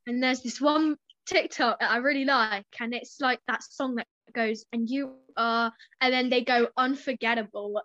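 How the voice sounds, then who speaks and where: A young woman with a high, bright voice reads a story for a podcast in a relaxed way and keeps breaking off to giggle and chat. Her voice is close and dry, and the sound is a little dull. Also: no room sound. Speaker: podcast co-host reading a story aloud. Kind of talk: casual story reading with chat.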